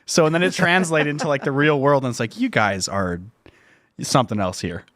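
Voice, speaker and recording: A man's voice: mid-range voice, brisk, a bit bright, no room sound, clean studio sound. A man, a guest on a podcast panel, talking bluntly and plainly in casual chat.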